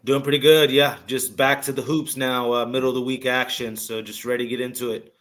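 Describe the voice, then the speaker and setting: A man's voice: mid-range voice, flat delivery, fairly quick, a bit bright. A man who is a sports handicapper, chatting in an easygoing way with brief replies. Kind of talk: casual betting talk.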